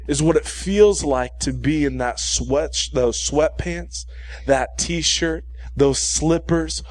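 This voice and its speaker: A man preaching a sermon in an animated way, mixing humorous everyday stories with repeated key points and frequent "okay?" check-ins with his listeners. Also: medium pitch, no room sound. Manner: humorous storytelling asides.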